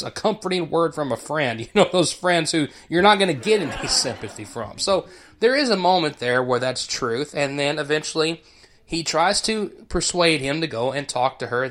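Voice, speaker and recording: An educator with a slightly high, somewhat bright voice offers casual commentary. He explains things in a teacher-like way and chuckles now and then.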